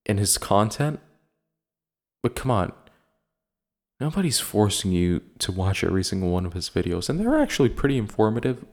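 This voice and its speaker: Low-voiced profane ranting man. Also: darkish tone. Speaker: podcast host. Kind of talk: casual chat.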